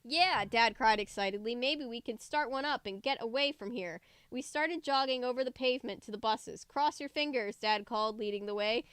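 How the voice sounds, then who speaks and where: A woman's voice: fairly high pitch, fairly quick, few pauses, smooth, no room sound. Woman reading a story aloud, dry close mic. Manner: lively dialogue voices, chatty joking asides. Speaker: reader of a book aloud.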